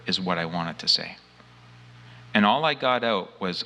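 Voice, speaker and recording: A man with a low-set voice and a bright, cutting edge to it tells his own story earnestly and with force. He leans into the key words and slips into the lines he spoke back then. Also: expressive, moderate pace, pauses often. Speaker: abduction experiencer. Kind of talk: first-person testimony.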